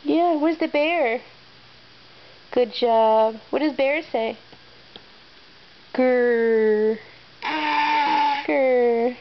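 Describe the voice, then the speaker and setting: Very high-voiced mother coaxing a toddler. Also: slow pace, pauses often, lo-fi sound, a little hiss or hum. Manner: sing-song coaxing baby talk. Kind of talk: reading a picture book to a toddler.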